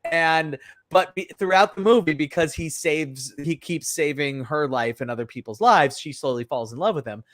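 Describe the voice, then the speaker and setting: A man's voice: on the high side, normal speed, dry recording. Rambling man reviewing films, dry sound. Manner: rambling, animated, lots of fillers and restarts. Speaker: podcast co-host. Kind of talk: casual film review chat.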